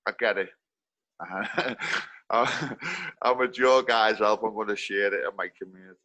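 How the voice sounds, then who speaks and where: Earnest Liverpool man, low voice. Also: pushed and bright, no room sound, rough recording. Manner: halting, earnest, many restarts. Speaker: community participant. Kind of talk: casual group video call.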